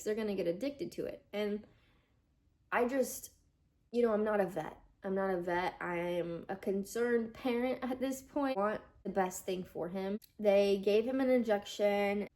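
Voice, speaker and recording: A woman's voice: medium pitch, a little mellow. A young woman vlogger recounting a hard personal story, chatty with lots of fillers, her voice rising as she nears tears.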